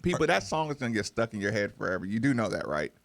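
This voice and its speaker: Gravelly-voiced excitable radio host man. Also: lowish voice, quick pace. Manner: excitable, chatty, talks straight to listeners. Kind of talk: casual sports radio banter. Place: radio studio.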